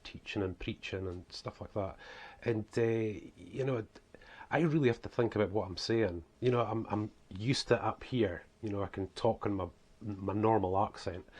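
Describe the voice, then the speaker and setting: A man's voice: on the low side, darkish tone. A man from northeast Scotland with a toned-down Scottish accent, an author and preacher talking casually to camera, rambling with lots of "you know" and "guys". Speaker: author and preacher presenting his book series.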